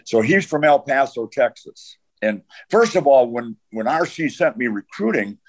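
An older man, a retired football coach, spins long, rambling stories as a podcast guest. His voice sits at an average pitch. He trails off into "uh" and restarts his sentences as he goes. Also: lively intonation, moderate pace. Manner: rambling anecdotes with frequent "uh" and restarts. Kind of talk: storytelling in a podcast interview.

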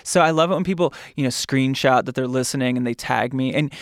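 A man's voice: mid-range voice, fast, dry recording, clean studio sound. A man hosting a podcast in casual chat, with a chatty, playful, campy manner. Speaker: podcast host.

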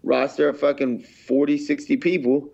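A man's voice: fairly high pitch, little pitch movement, normal speed, vocal fry, a little mellow, muffled recording. A man who fights professionally, talking in a casual interview in a brash, rambling, heavily profane way.

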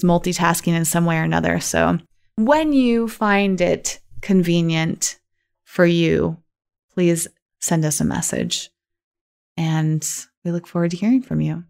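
Smooth-voiced woman co-hosting a podcast. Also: lowish voice, a little mellow. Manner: thoughtful and rambling, with many fillers. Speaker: podcast co-host. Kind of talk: casual chat.

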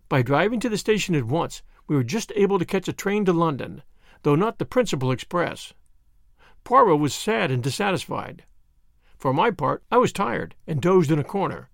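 A man narrating a detective story as an audiobook, measured and expressive. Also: fairly high pitch, creaky, dry recording, studio quality.

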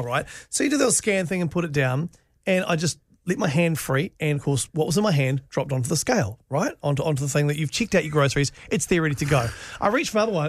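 A man co-hosting a breakfast radio show, telling a story in an excitable, laughing way. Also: fairly high pitch, no room sound. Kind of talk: casual radio banter, storytelling. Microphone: studio microphone. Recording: dry studio with faint music bed.

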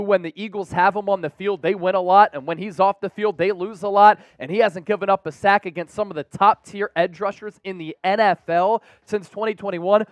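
A man hosting a football analysis show, talking with energetic hype straight to the fans. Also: high voice, dry recording. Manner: energetic and hyped, addresses the fans directly. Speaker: sports show host.

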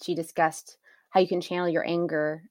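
A woman's voice: lowish voice, little pitch movement, normal speed, dry recording, clean studio sound. A woman in her thirties co-hosting a casual chat, explaining her points and laughing easily. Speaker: podcast co-host.

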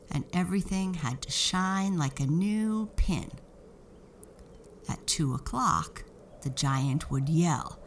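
A woman reading a children's story aloud in a slow, expressive storytelling manner. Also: sits low, vocal fry, a little hiss or hum.

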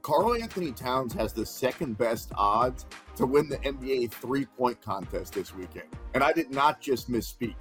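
A man hosting a sports betting show, playful and energetic, reading out odds and plugging the network. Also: medium pitch, moderate pace, faint music behind.

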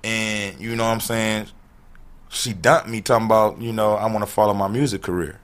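Lively, profane male storyteller, bright tone. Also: on the low side, fairly quick. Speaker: podcast guest, musician. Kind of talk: casual chat.

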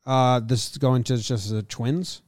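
A man's voice: mid-range voice, steady tone, unhurried, darkish tone, dry recording, clean studio sound. A man co-hosting a casual sports podcast, playful and jokey as he rattles off stats. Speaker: podcast co-host.

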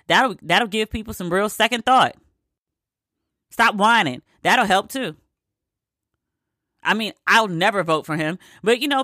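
A woman's voice: on the high side, bright, forceful tone, no room sound, clean studio sound. A woman ranting in a casual, profane, exasperated way, hammering her points with emphatic repetition. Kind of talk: opinionated casual rant.

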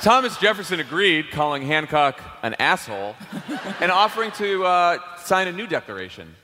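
Lively comedy panelist with a bright voice. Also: male voice, fairly high pitch, normal speed, long reverb tail, a little hiss or hum. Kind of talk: comic storytelling.

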